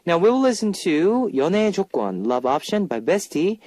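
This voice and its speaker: A man hosting a radio music show, announcing in a lively, chatty way. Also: sits high, fast talker, no room sound.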